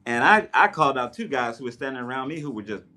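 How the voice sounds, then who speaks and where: A man chatting casually on a livestream while he takes down his hair, telling stories with lively quoted voices. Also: medium pitch, fast talker, soft background music. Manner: chatty, animated storyteller with playful voices in quotes. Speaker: live streamer. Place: at home doing his hair. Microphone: tablet mic.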